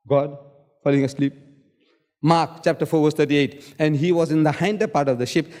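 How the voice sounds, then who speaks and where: A man in a public debate, quoting scripture and repeating key words for emphasis. His voice sits fairly high, and a long hall reverb trails after every phrase. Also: normal speed, a little mellow. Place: lecture hall.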